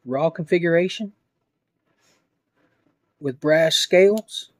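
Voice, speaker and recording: A man with a slightly high voice slowly narrates an unboxing, pausing over each piece. He breaks into excited, awestruck exclamations. The sound is dry and close, with no room echo. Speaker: knife collector vlogger.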